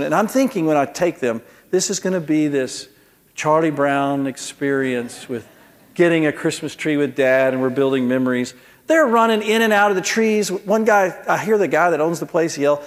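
A man preaching as a pastor, telling folksy family stories in an animated way. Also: fairly high pitch, brisk, long reverb tail. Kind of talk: sermon with storytelling.

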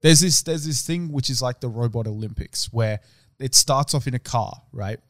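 A man's voice: medium pitch, moderate pace, no echo, clean studio sound. A young man co-hosting a casual chat, talking in a loose, slangy way and swearing freely.

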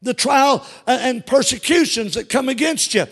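A male pastor preaching an emphatic sermon, calling out to the congregation and rising to shouts. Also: very high voice, lively intonation, normal speed, husky. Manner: emphatic, call-and-response preaching that rises to shouts.

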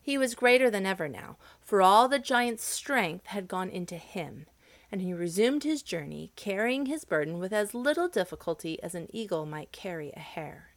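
A woman narrating a folk tale in an expressive storybook style. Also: medium pitch, moderate pace, no room sound. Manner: expressive, dramatic reading.

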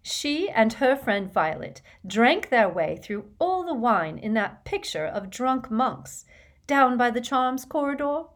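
A woman voicing a brisk, clever teenage girl in an audiobook, with quick, clipped, emphatic speech. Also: on the high side, big pitch swings, pitched above the performer's own voice. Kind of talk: audiobook character voice.

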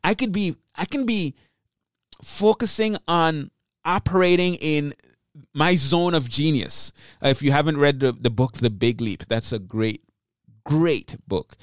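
A man hosting his own podcast in an energetic, rambling way, often cutting himself off mid-thought. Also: a little high, a little slow, dry recording, clean studio sound. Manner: energetic, rambling, self-interrupting. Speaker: podcast host. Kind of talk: solo podcast monologue.

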